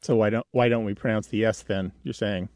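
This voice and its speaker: Chatty radio host, dry studio sound. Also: male voice, on the low side, a little fast, dry recording. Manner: chatty, explains word history in a lively storytelling way. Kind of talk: call-in radio chat. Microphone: studio microphone.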